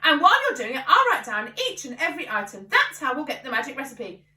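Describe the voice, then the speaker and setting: A woman voicing an overexcited, boastful father who shouts and gushes. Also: sits high, big pitch swings, fast talker, exaggerated voice. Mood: eager. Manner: shouting, gushing. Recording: echoey room, voice from a distance.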